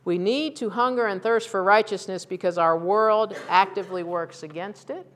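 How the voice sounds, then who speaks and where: A woman's voice: mid-range voice, normal speed, slight background noise. A middle-aged woman pastor preaching a conversational, candid sermon that rises to fervent emphasis.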